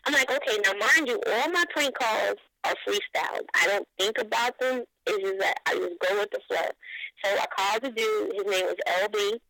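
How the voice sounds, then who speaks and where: Woman, middle-aged, bright edgy tone, profane animated storyteller, radio guest. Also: mid-range voice, moderate pace, vocal fry, dry recording, rough recording. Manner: profane, animated anecdote telling. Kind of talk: casual storytelling interview.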